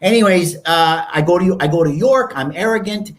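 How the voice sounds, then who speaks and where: A man in his sixties from Canada, a guest telling stories in an animated, casual way, often acting out other people's voices. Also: high voice, moderate pace. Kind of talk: casual storytelling interview.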